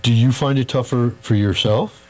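A man hosting a variety show, asking a comic halting, self-deprecating questions in a casual interview. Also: medium pitch, a little mellow. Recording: faint noise and mains hum.

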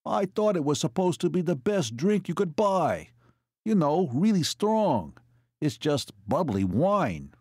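A brash, naive young soldier, voiced by a man reading an audiobook, crowing and eager in a pitch lifted above the reader's own. His delivery swings with lively inflection, recorded close and dry. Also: a little fast, few pauses, no echo. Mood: indignant.

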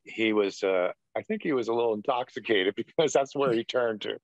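A man's voice: lowish voice, a little fast, dry recording. A middle-aged man, a retired pastor, giving a personal testimony in an interview, rambling earnestly with lots of "you know". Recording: dull, dry lo-fi sound.

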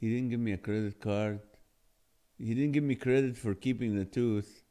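A man's voice: mid-range voice, steady tone, normal speed, mellow. A middle-aged man hosting a live stream, reading viewer comments aloud in casual chat and laughing often at the jokes. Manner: laughs often, jokey and playful. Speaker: live show host.

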